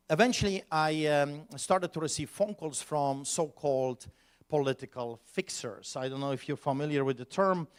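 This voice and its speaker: Here a pastor, male and mid-range in tone, shares a personal tale before a conference audience. Expect spirited, emphatic storytelling with sudden bursts of loudness.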